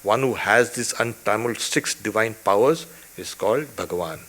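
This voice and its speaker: A man, a swami, teaching a weekly scripture class in an emphatic lecture style, posing rhetorical questions, often adding "you can say" as an aside and chuckling softly now and then. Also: lowish voice, normal speed.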